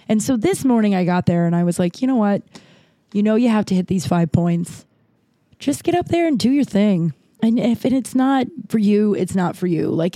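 A woman's voice: medium pitch, mellow, dry recording. A woman comedian telling a candid personal story, speaking frankly and swearing freely.

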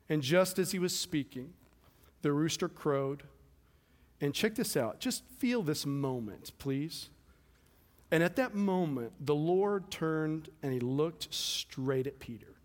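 A man preaching with fervor, his voice rising loud and then dropping to a hush. His tone sits a little high for a man. A long reverb trails each phrase through the hall. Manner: impassioned preaching that swings from loud to hushed. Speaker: pastor. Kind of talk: sermon.

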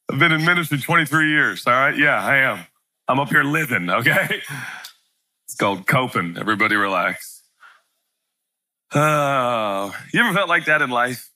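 A man in his forties preaching a sermon to a church congregation, animated and joking as he tells stories. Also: medium pitch, normal speed. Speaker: pastor. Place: church sanctuary with live congregation.

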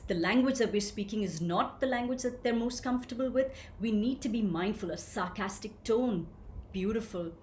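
A woman leading an online voice workshop, telling stage stories and reading out participants' comments in an animated, engaging way. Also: mid-range voice. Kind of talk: interactive webinar talk. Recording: echoey room with faint ambient noise.

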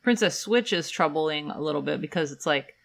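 A woman chatting on a podcast in a bright, forward voice with some vocal fry. She talks wryly and loosely, full of casual asides. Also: low voice, lively intonation, fairly quick. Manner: chatty, wry, many "like" fillers. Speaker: podcast co-host. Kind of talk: casual chat.

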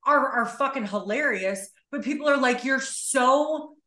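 A woman talks as a guest on a podcast, candid and blunt, swearing freely and hitting her words hard. Her voice is bright and somewhat high. The room around her is echoey. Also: a little slow. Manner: blunt, profane, emphatic. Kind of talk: candid conversational interview.

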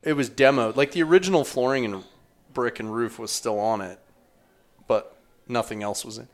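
A man's voice: medium pitch, normal speed. A man in his thirties hosting a podcast, chatting casually and profanely with an old friend and asking questions. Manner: relaxed, profane, recalls shared past with guest. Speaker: podcast host. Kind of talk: casual interview chat.

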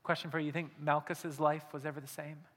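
Male pastor, high bright voice, sermon delivery swinging between hushed and urgent, long church-hall reverb. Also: level tone, a little fast. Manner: swings from hushed intimate asides to loud urgent appeals.

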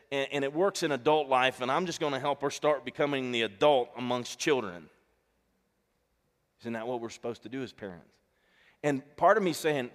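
A middle-aged male pastor preaching a sermon in a relaxed, conversational way, telling family stories and acting out the dialogue. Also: medium pitch, normal speed, pauses often. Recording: long reverb of a large hall.

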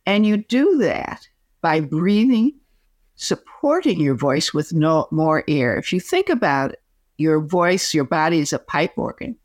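A woman, a communication coach, giving advice as a podcast guest in an expressive, demonstrative way. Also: lowish voice, unhurried, no echo, studio quality. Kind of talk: podcast interview.

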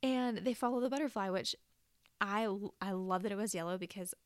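A woman's voice: medium pitch, brisk, smooth, no echo. Chatty woman, dry close sound. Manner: chatty, many fillers like "like". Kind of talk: casual faith chat.

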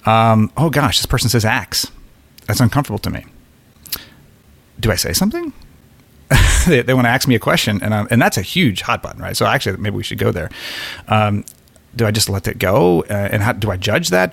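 A man's voice: medium pitch, vocal fry, fairly bright tone, no echo. A man talking through an uncomfortable topic in candid conversation, thinking aloud with frequent restarts and repeated words.

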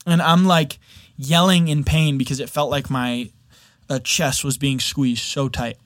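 A young man speaks candidly to his listeners, sharing a personal testimony with earnest openness. His voice sits at an ordinary middle pitch. The sound is dry and close, with no room echo. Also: fairly even intonation, measured pace. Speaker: video editor sharing a faith testimony.

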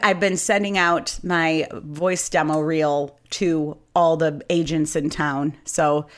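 A woman's voice: sits low, steady tone, slow pace. A woman in her thirties co-hosting a podcast, telling stories in casual chat and swearing freely. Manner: chatty storyteller, swears freely. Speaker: podcast co-host.

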